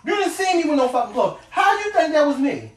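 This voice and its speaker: A woman telling a story in casual chat, profane and animated, trading mock insults about an ex. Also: high-pitched, fast talker, echoey room, faint music behind.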